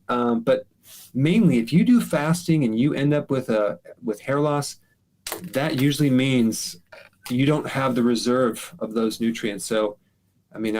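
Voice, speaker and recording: A middle-aged man hosting a live show, answering callers' health questions in a relaxed, explanatory way with many fillers. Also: medium pitch. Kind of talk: casual live Q&A advice.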